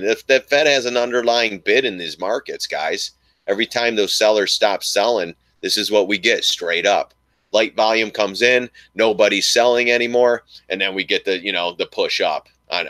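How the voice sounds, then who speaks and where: Deep-voiced guy rambling about his trades live, bright punchy tone, dry close sound. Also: dry recording. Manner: rambling, thinks aloud, addresses viewers as guys. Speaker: stock trading streamer. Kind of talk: casual live market commentary.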